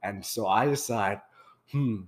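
This young man hosts a podcast and relates a humorous story in a relaxed way, chuckling along as he goes. His voice is lowish and his pace measured, and his delivery stays lively.

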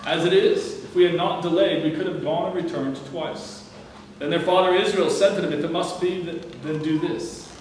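A man with a somewhat high voice reads scripture aloud at a steady, measured pace, now and then tripping over a word and restarting. He sits well back from the mic in a very echoey room. A faint hum of ambient noise sits underneath. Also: far from the mic. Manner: measured, plain reading with occasional stumbles and restarts. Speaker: scripture reader. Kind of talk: reading a Bible passage aloud.

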